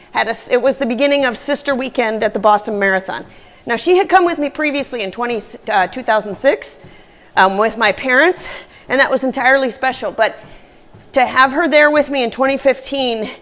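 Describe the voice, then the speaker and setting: A woman vlogging casually from a gym, chatty and earnest, a little out of breath from moving at a faster pace. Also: high-pitched, fairly bright tone. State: slightly out of breath. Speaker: running vlogger. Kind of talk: casual vlog talk.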